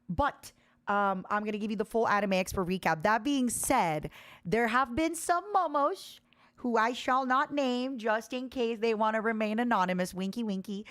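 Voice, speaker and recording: A woman streaming from an indoor room, chatting casually with her viewers in a bouncy way, her pitch jumping up as she reads their messages. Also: normal speed, fairly bright tone, no room sound. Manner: chatty, bouncy, jumps in pitch when reading chat. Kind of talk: casual livestream chat.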